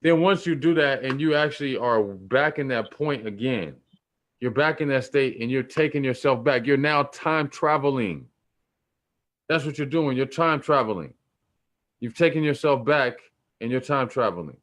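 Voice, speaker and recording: A man's voice: medium pitch, moderate pace, a bit bright. Guy preaching spiritual stuff, casual and blunt, slangy, keeps repeating himself. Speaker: spiritual teacher. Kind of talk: casual spiritual teaching talk.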